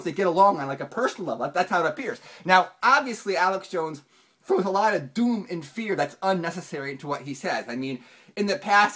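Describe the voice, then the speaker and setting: Giving casual video commentary, a finance channel host rambles along with lots of restarts and fillers. He's animated, and his pitch jumps up whenever he wants to emphasize something.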